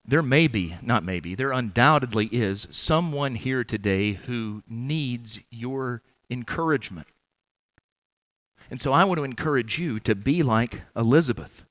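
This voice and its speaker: Man preaching to his church, earnest and steady with a bit of humor, mid-pitch voice, dry sound. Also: no echo. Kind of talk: sermon.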